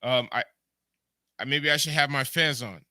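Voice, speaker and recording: Casual livestream commentary comes from a podcast host with a Jamaican accent, who rambles, repeats words and talks back to his chat. The recording is dry, and his mid-range, sharp voice moves at normal speed.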